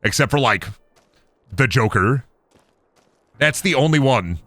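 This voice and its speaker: A young man streaming a game, excitable and swearing freely. His voice is bright and swings widely in pitch, breaking into loud laughter. The sound is dry and close. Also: measured pace, no echo. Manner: profane, laughs a lot, excitable. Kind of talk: casual gameplay commentary.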